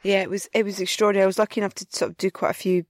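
A man's voice: sits high, little pitch movement, very fast, dry recording, studio quality. A man hosting a film podcast, asking long enthusiastic questions. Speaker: podcast host. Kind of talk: casual interview.

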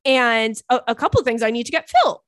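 A young woman hosts a casual podcast, reading listener notes and reacting with profane, animated asides. Her voice sits fairly high. The sound is dry and close to the mic. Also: quick pace, dry recording. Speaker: podcast host. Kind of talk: casual comedic chat reading listener messages.

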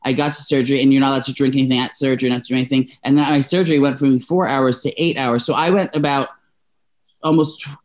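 A young man co-hosting a podcast tells a long personal story in casual chat, rambling and restarting often and sounding openly emotional. His voice sits at an ordinary middle pitch, his intonation stays fairly even, and he talks fast.

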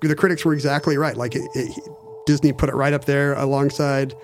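A man's voice: mid-range voice, steady tone, a little fast, slight background noise. A man chatting casually, telling a long story with many restarts and fillers. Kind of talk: casual podcast chat.

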